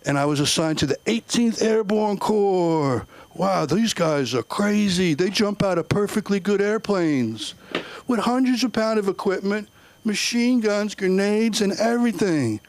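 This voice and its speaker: A middle-aged man does stand-up at an open mic. His voice sits a little high, and he delivers his jokes deadpan, slipping into other voices for quoted lines. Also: measured pace. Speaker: stand-up comic. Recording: comedy club, audience laughter.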